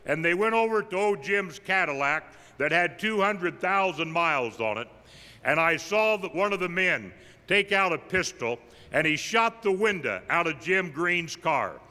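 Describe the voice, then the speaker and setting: An older man, an evangelist, tells humorous personal stories at a tribute, delivering his punchlines deadpan. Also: sits high, a little slow. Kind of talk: folksy storytelling tribute. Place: large camp meeting hall. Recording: live in a big reverberant hall.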